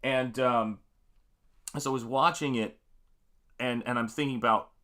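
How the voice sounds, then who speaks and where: A bright, forward-sounding man hosts a casual live stream from his home art studio while he paints. He greets viewers by name with upbeat energy. Between greetings he rambles along loosely, full of fillers. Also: medium pitch, fairly even intonation, measured pace. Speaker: livestream host and painter.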